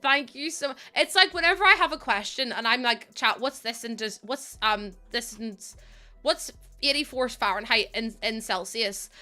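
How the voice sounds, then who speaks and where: A woman's voice: on the high side, normal speed, soft background music. A young woman with a Northern Irish accent, chatting casually and giggling with her live chat as a streamer. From Northern Ireland. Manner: chatty, giggly, loose and animated.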